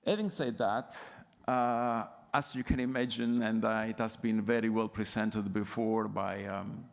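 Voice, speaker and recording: A man's voice: on the low side, level tone, a little slow, vocal fry. Italian-accented man with a nasal voice. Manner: hesitant, many fillers and restarts. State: nasal from a cold. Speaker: conference panelist. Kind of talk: conference presentation. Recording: reverberant conference hall.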